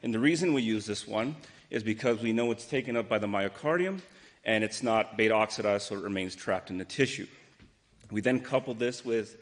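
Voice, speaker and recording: A man presenting his group's heart imaging research in a brisk, technical talk. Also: lowish voice. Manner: brisk, technical, some fillers. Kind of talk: rehearsed scientific talk. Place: lecture hall. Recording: long reverb of a hall.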